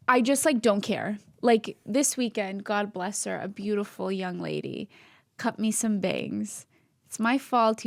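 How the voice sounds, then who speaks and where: A woman's voice: medium pitch, gravelly, no echo, studio quality. A young woman co-hosting a candid faith podcast, talking earnestly and rambling, often laughing at herself. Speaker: podcast co-host.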